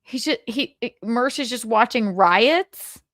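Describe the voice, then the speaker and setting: A woman's voice: fairly high pitch, expressive, slow, a bit bright, dry recording, clean studio sound. A young woman hosting a casual livestream, talking candidly, swearing freely and laughing often. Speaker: livestream host.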